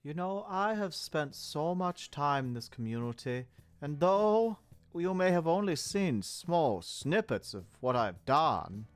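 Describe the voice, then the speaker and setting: A man's voice: a little high, sing-song, slow, clean tone, dry recording, faint music behind. A man narrating a building game in character as a pompous, self-admiring town mayor, talking in a theatrical way. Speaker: game video host in a mayor persona.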